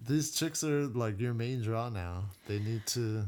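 Podcast co-host, man, mid-pitched, dry and wry in casual chat. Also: measured pace, a little mellow.

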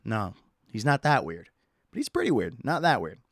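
A man's voice: mid-range voice, moderate pace, no room sound. A young adult man hosting a solo comedy podcast, ranting with mock disgust and plenty of swearing into a close mic. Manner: animated, profane, mock-disgusted. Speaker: podcast host.

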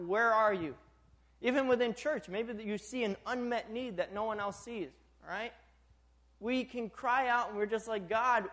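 A young adult man preaching a sermon, animated, chuckling often and checking in with the congregation. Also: high voice.

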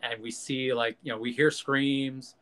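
A man's voice: medium pitch, little pitch movement, measured pace, fairly bright tone. A man hosting a podcast, ranting in casual, profane, jokey chat and acting out quotes. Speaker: podcast host.

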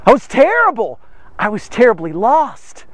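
High-voiced, fervent male preacher. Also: wildly swooping pitch, normal speed, no echo. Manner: emphatic, fervent preaching with direct address to listeners. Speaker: preacher and podcast host. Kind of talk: devotional sermon.

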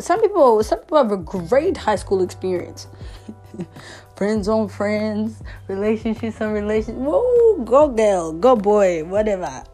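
A woman's voice: medium pitch, darkish tone. A 22-year-old woman, hosting a podcast in a casual monologue, talking in a self-mockingly dramatic way and laughing often. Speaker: podcast host.

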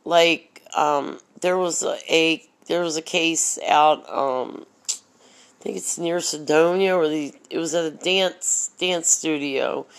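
Slow, low-voiced woman ranting. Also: fairly even intonation. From Baltimore, USA. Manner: blunt and profane, many ums, mocking asides. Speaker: vlogger commenting on local news. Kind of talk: casual rant.

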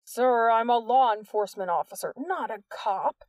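A woman's voice: a little high, lively intonation, normal speed, no echo, clean studio sound, far from the mic, close to an everyday voice. A woman voicing a brash, self-important male police officer in an audiobook. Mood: indignant.

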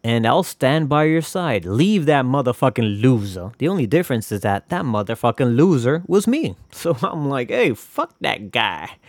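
A man's voice: mid-range voice, sing-song, moderate pace, few pauses, a little mellow, no room sound, studio quality. A young man hosting a podcast, talking in a casual, confessional ramble full of swearing and self-mocking jokes. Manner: profane, joking, rambling. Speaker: podcast host.

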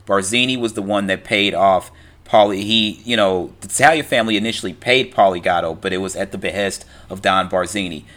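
A man talks through a film's story in an easygoing, rambling way, stopping to restart his sentences and filling gaps with "like" and "you know." His voice sits on the low side but has a bright, forceful edge. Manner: conversational, loose, with fillers and restarts, acting out quoted lines. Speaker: film recap commentator. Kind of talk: casual retelling of a film plot.

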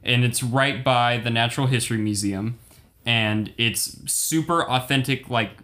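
A man's voice: medium pitch, measured pace, pushed and bright. A man in casual chat, recommending a place with emphatic enthusiasm.

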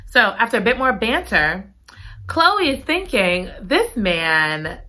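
A woman recapping a book in casual chat, gushing and giggly, repeating her excited exclamations. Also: a little high, measured pace. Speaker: book reviewer.

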